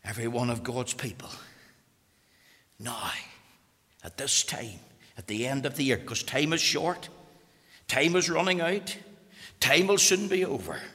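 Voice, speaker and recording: A Northern Irish man preaching a sermon, impassioned and moving from loud urgency to hushed intensity. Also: medium pitch, measured pace, pauses often, husky, big-room sound.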